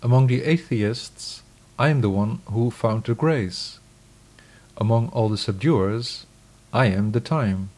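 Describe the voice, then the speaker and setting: A man giving a scripted scripture reading in a measured, solemn, declamatory way. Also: fairly low pitch, darkish tone.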